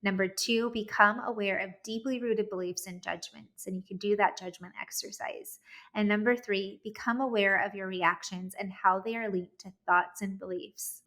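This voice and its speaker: A woman in her thirties telling a personal story in a talk, acting out what she and others said along the way. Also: medium pitch. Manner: animated storytelling, acts out her own quoted lines. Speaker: speaker giving a talk.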